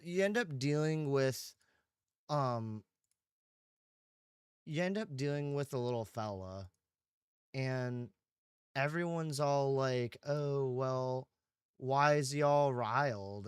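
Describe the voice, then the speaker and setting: A man's voice: medium pitch, clear, resonant tone, dry recording, studio quality. A man livestreaming a game, rambling casually with lots of swearing and "dude". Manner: rambling, profane, keeps saying dude. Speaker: streamer.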